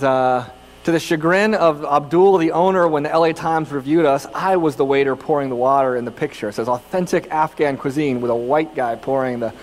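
A man's voice: a little high, long reverb tail, low-quality recording. A man from California preaching a sermon as pastor, telling personal stories in a conversational, self-deprecating way with frequent restarts. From California, United States.

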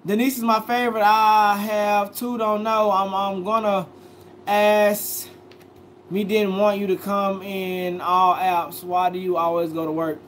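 Young man, high-pitched, food vlogger, live stream chat, reads comments aloud, casual. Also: flat delivery, measured pace, fairly bright tone, a little hiss or hum. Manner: casual, reads each comment then answers it.

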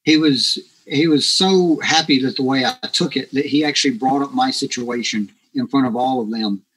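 Husky-voiced man telling a story. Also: medium pitch, normal speed, rough recording. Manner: animated, acts out quoted dialogue. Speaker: podcast guest. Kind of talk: casual storytelling.

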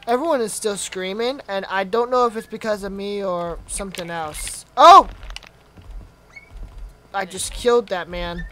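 A woman's voice: medium pitch, fairly even intonation, moderate pace, hardly any pauses, rough recording. A young woman casually commenting on her own gameplay, chatty and playful, laughing often and yelping when hit. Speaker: gaming channel host.

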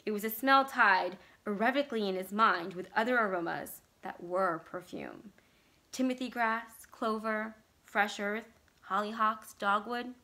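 A woman reads a horror story aloud with a bright, clear voice. Her delivery is measured and expressive, with mid-range pitch for a woman. It sounds like a library read-aloud. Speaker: library staff reader.

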